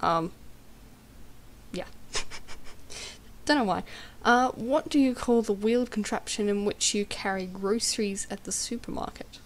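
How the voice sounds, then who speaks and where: A woman's voice: medium pitch, moderate pace. Australian teen girl, casual home vlog, giggly, hesitant, lots of ums. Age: teenager.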